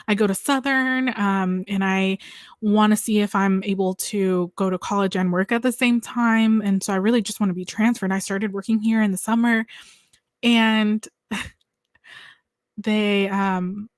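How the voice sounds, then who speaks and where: A woman's voice: mid-range voice, moderate pace, no room sound. A young woman, a podcast guest, telling her personal story and animatedly acting out the people she quotes. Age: young adult. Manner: animated, acts out quoted voices, talks with hands. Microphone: lavalier mic.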